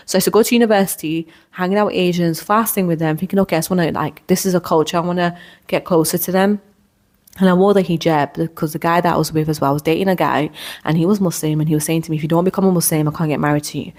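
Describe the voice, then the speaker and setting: A podcast host in her thirties, with a lowish, darkish voice, tells a personal story. She's candid and rambling, often restarting her sentences.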